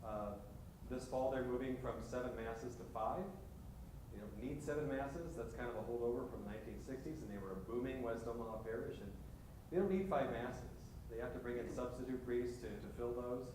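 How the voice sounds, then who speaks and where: A man, a parish pastor, giving a halting leadership talk full of restarts and "right?" asides. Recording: echoey hall from far off, faint rumble.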